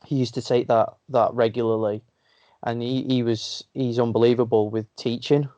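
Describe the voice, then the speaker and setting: A man's voice: medium pitch, level tone, normal speed, dark tone, dry recording. A man with a Northern English accent, a wrestler telling stories in a casual interview and laughing often. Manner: chatty storyteller, laughs often. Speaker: guest wrestler. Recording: dull lo-fi sound.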